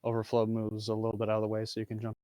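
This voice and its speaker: A man narrating as game master of a tabletop game, halting with many fillers. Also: lowish voice, completely flat delivery, mellow, clear, resonant tone, dry recording.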